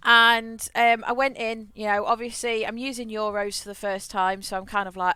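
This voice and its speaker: A woman's voice: on the high side, flat delivery, moderate pace, few pauses, sharp tone, clear, resonant tone, no room sound. A woman, chatting as she streams a game and telling a rambling story full of restarts. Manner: rambling storyteller, frequent restarts and repeated words. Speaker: livestreamer. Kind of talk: casual chat while playing a game.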